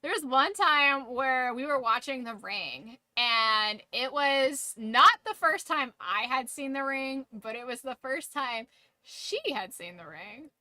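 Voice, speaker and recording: High, bright giggly woman streamer. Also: lively intonation, slow, dry recording. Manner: giggly, swears freely, full of "like". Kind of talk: casual storytelling to a live stream.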